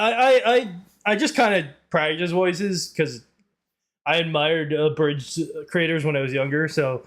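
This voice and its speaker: A man's voice: a little high, fairly bright tone. A young man with a Northern Irish accent, chatting on a live stream, rambling off on tangents and laughing often. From Northern Ireland. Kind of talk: casual live-stream chat.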